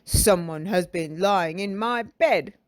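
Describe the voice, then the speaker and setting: A woman's voice: fairly low pitch, no room sound, studio quality. Great big cross father bear, as a woman does him. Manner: slow cross voice.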